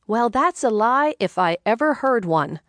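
A woman voicing a wry, sharp-tongued older mother who speaks sarcastically in a raised, exclaiming voice. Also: on the high side, sing-song, a little slow, dry recording, studio quality, voice pushed up. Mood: sarcastic.

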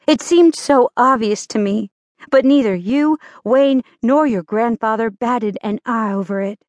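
A woman's voice: a little high, measured pace, darkish tone, dry recording, pitched above the performer's own voice, close to an everyday voice. A woman narrator voicing a fierce middle-aged mother in an audiobook, speaking in a raised, impassioned voice. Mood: bitter.

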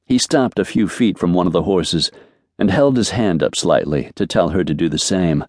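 A male audiobook narrator with a very deep voice tells the story in a measured, even way. The sound is dry and close, with no room around it. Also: no room sound. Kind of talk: scripted narration.

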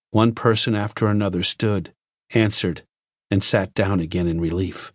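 A man narrating an audiobook in a measured, even scripted reading. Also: lowish voice, no echo, studio quality.

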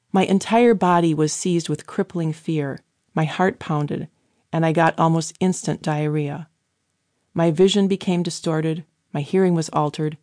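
A woman giving an earnest, measured first-person audiobook narration on a close studio microphone. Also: deep voice, a little mellow, dry recording.

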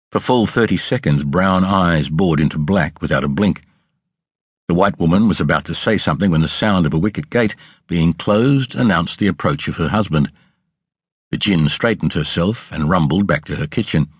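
A man narrating an audiobook in a measured, expressive storytelling manner with a husky voice. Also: deep voice, no echo. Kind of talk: scripted narration. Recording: dry close studio sound.

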